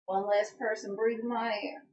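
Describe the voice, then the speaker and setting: A woman's voice: a little high, flat delivery, moderate pace, a little mellow, muffled recording. A woman with a Southern US accent co-hosting a casual live stream, teasing her partner and reading viewer comments aloud. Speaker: co-host.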